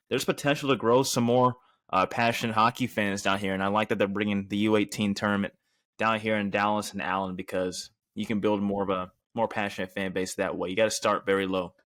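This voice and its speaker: A man co-hosting a sports podcast, explaining in a measured, easygoing way. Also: lowish voice, a bit bright, no room sound, clean studio sound. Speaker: podcast co-host. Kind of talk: casual sports talk.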